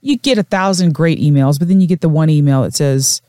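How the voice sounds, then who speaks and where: A woman's voice: low-pitched, fairly quick, dark tone, dry recording, clean studio sound. A woman news anchor as a podcast guest, speaking earnestly and expressively in casual chat.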